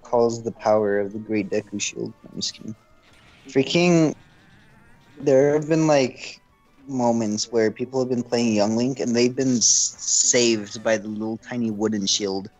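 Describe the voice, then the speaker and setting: A man's voice: medium pitch, measured pace, a little mellow, low-quality recording. Young man joking casually, faint music behind. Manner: joking, wry commentary. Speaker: gamer chatting with a friend. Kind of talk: casual chat.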